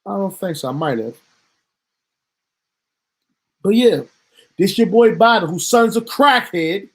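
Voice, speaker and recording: A man's voice: high-pitched, animated, measured pace. A man delivering a heated commentary rant as a vlogger, talking in a profane, emphatic and indignant way.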